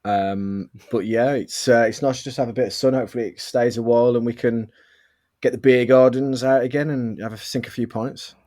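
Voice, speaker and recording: A man's voice: medium pitch, a little fast, dry recording. A man in casual podcast chat who tells stories with energy and laughs often. His voice sits mid-range, and the sound is dry with no room around it. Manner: animated storyteller, laughs a lot. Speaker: podcast co-host. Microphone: webcam.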